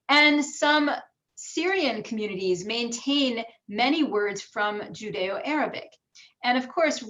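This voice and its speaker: An American woman with some New York vowels giving an academic lecture with slides, explaining clearly and demonstrating pronunciations aloud. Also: on the high side, fairly bright tone. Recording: dull lo-fi recording.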